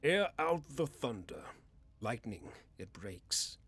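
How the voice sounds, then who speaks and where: A man's voice: medium pitch, big pitch swings, slow, fairly bright tone, husky, faint music behind, pitched below the performer's own voice, exaggerated voice. A man putting on an old man's voice to read an epic poem in a grave chant, slipping into whispers, his voice weak and strained.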